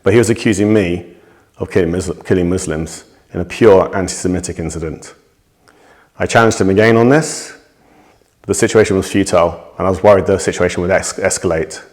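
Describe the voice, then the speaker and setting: A man with a deep, low voice tells of something that happened to him. He speaks in a measured, steady way, with a few small restarts as he thinks. The delivery stays plain and unhurried throughout. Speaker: witness giving a testimony. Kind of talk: recounting a personal incident to camera.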